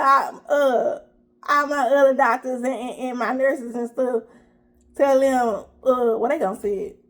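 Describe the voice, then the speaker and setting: A middle-aged woman sits at her table and talks to the camera during an eat-with-me vlog. Her voice sits high, and she tells her story at an unhurried pace. She speaks to her viewers like friends, in a chatty, storytelling way. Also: fairly even intonation. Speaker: vlogger. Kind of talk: casual eat-with-me chat.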